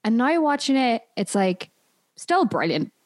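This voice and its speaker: Animated woman guest, dry close sound. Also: a little high, a little slow, no echo. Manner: animated, laughs between remarks. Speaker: podcast guest. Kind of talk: casual chat.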